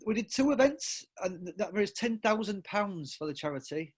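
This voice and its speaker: This middle-aged Englishman is a podcast guest spinning casual stories, rambling and interrupting himself with restarts and fillers, laughing often. His high voice has lively intonation at a normal speed, with a slight roughness.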